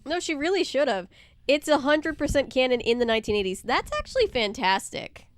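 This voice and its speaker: A woman's voice: sits high, lively intonation, fairly quick, no echo. A woman co-hosting a podcast, chatting casually and enthusiastically. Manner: laughing, enthusiastic. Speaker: podcast co-host. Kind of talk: casual chat.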